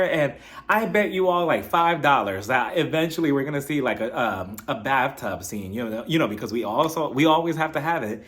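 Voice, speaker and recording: A man's voice: mid-range voice, fairly quick. A man giving a casual, gossipy recap of a reality show, acting out the cast members' lines as he goes. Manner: gossipy, animated, acts out cast members' quotes.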